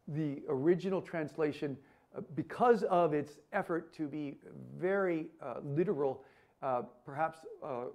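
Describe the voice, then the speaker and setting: Earnest male lecturer, fairly high voice. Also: darkish tone. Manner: measured, earnest, with frequent "uh" pauses. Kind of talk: academic lecture.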